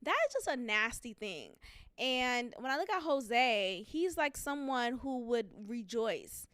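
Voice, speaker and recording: A young adult woman hosting her own podcast, talking casually and candidly, breaking into loud laughter when amused. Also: a little high, expressive, unhurried, clear, resonant tone, no echo, studio quality. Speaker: podcast host. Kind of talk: casual solo commentary.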